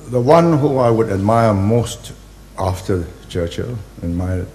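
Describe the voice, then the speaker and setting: A man, giving a public speech in deliberate, halting phrases and hitting key words hard. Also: lowish voice, lively intonation, a little mellow, slight background noise. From Singapore. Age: 80s. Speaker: invited speaker.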